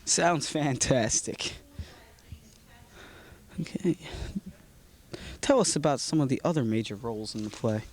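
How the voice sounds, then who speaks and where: A man's voice: medium pitch, lively intonation, a little slow, pauses often, a little mellow. A teenage boy interviewing a classmate for a school video, asking short, polite questions. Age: teens. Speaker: student interviewer.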